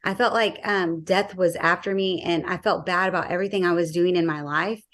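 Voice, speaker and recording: A woman's voice: on the low side, steady tone, a little fast, fairly bright tone. A woman sharing her personal faith testimony in a casual interview, acting out the dialogue she recalls and using frequent fillers.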